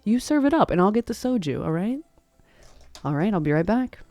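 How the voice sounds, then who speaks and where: A woman's voice: mid-range voice, big pitch swings, fairly quick, warm tone, dry recording, soft background music. A woman streaming a cozy game live, gushing thanks to her viewers and laughing often.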